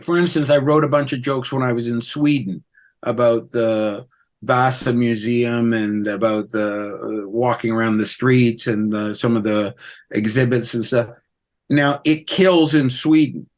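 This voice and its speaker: A middle-aged man from Canada, a comedian chatting in an interview, rambling with fillers and mocking himself. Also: mid-range voice. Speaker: comedian guest. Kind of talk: casual interview chat.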